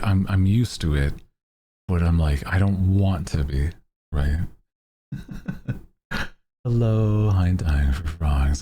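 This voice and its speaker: A man's voice: warm tone, a little hiss or hum. A male VTuber streamer in laid-back casual chat, greeting viewers by name and chuckling often. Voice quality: deep voice.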